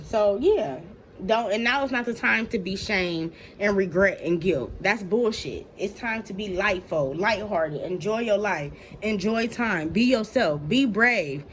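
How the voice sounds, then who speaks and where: A woman's voice: medium pitch, lively intonation, unhurried, slight background noise. A woman giving a casual tarot reading to her viewers. She talks in a blunt, slangy, profane way, addresses them directly, and laughs often. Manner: slangy, talks straight to "y'all". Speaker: tarot reader.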